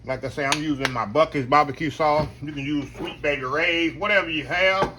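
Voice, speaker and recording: A man's voice: on the high side, brisk, noisy background. A man with a Southern country accent, chatting folksily through a home kitchen cooking demonstration and calling his viewers y'all.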